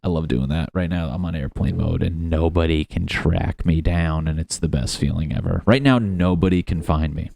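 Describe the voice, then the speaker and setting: Low-voiced man rambling on a solo podcast. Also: moderate pace, creaky, hardly any pauses, noisy background. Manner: profane, self-deprecating, rambling. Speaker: comedian podcast host. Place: at home in his apartment.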